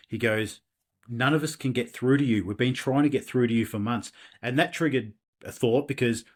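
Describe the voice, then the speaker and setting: A man's voice: mid-range voice, moderate pace. A middle-aged man, a podcast guest, candidly telling his life story in a rambling way with many restarts. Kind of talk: personal storytelling in an interview.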